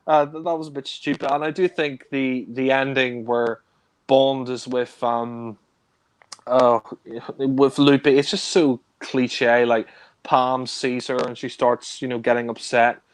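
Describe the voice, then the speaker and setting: A man's voice: mid-range voice, fairly even intonation, slow pace, smooth, dry recording. Man, casual film chat, rambling, swears, dry close sound. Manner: rambling, frequent fillers, laughs and swears; mimics characters in raised voice. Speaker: film review co-host.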